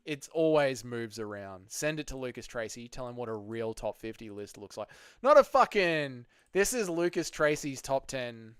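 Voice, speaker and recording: A man runs a casual livestream, talking loosely and profanely to his viewers. His voice is smooth and clear at a middle pitch. The sound is dry and close, with little room around it. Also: very animated, moderate pace, no echo. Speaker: livestream host.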